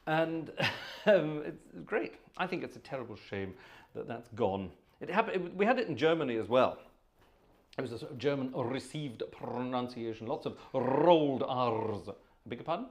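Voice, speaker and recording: A man's voice: medium pitch, big pitch swings, moderate pace, darkish tone. A man hosting a live organ concert stream from home, chatting casually and jokily between pieces with plenty of ums. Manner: chatty, joking, rambling with many ums. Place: home with organ, family nearby.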